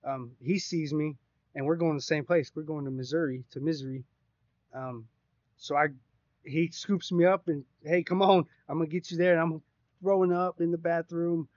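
At normal speed, a man with a slightly high voice rambles through a profane, lively story while co-hosting a podcast. The recording is dry and slightly dull-sounding.

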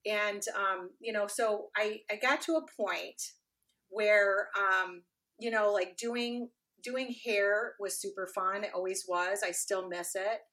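Middle-aged woman guest, chatty storyteller, bright tone, slips into quoted voices. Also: mid-range voice, slow. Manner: animated, acts out quoted dialogue, frequent fillers. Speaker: podcast guest. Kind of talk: casual interview storytelling.

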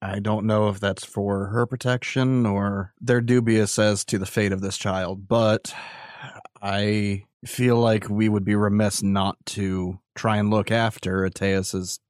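A man voicing his character in a tabletop game, formal and polite, with small hesitations. His voice is low and recorded dry and close. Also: level tone, slow, darkish tone, dry recording. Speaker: player.

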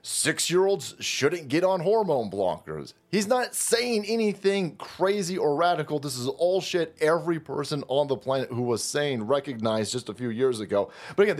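A man's voice: a little high, lively intonation, normal speed, darkish tone. A man hosting his own channel, delivering a foul-mouthed, mocking political rant. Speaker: commentary channel host.

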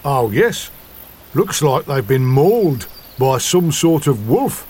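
A man's voice: mid-range voice, sing-song, takes it slowly, a little mellow, husky, heavily acted. A man voicing a fussy, dramatic farm wife with a put-on Newcastle accent in a radio soap parody sketch. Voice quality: exaggerated, theatrical.

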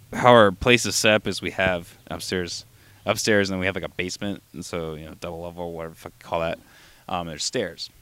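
A young man with a lowish voice rambles through a casual solo podcast, dropping curses and restarting his sentences. He is coming down with a cold, and his talk stays loose and unpolished. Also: a bit bright. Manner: profane, rambling, with frequent restarts and fillers. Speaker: podcast host.

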